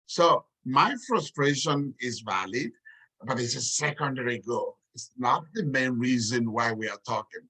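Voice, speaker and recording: A man giving a lecture on communication in marriage, measured and slowing down to stress key points. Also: medium pitch, expressive, pushed and bright, husky. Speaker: relationship communication teacher. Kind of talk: lecture talk.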